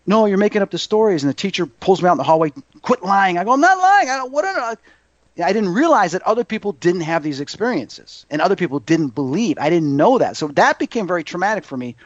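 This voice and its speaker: Animated middle-aged man telling stories. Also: high-pitched, fast talker, dry recording. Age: 50s. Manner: animated, acts out quoted voices. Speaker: psychic medium guest. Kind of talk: casual storytelling interview. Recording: dull muffled audio.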